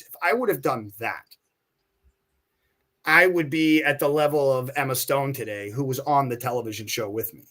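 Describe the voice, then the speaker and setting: Guesting on a podcast, this middle-aged actor shares a story at a moderate pace in a mid-range voice, lively and relaxed. Quoted people get acted out in character, and he frequently starts over mid-thought.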